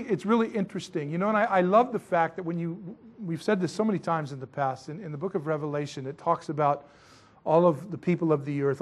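Chatty rambling male preacher. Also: a little high. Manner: rambling, chatty, self-mocking asides. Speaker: pastor. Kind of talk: sermon with missionary stories.

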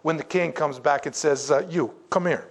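High-voiced, joking male preacher. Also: normal speed. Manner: lively and joking, with sudden drops to low, quiet emphasis. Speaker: pastor. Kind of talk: sermon.

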